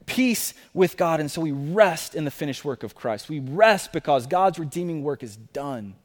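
A man preaching a sermon, repeating key phrases and moving between loud urgent declarations and quiet personal appeals. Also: fairly high pitch, lively intonation, moderate pace, in a large hall. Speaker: pastor.

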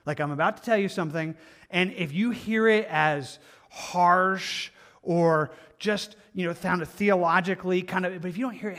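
A man with a high voice delivering a sermon as a pastor. He talks earnestly and conversationally, repeating himself for emphasis and slipping in casual asides. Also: expressive, brisk, a bit bright.

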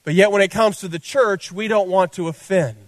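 A man's voice: sits high, brisk, no echo. A man preaching a sermon as pastor, fervent and repetitive, addressing listeners directly.

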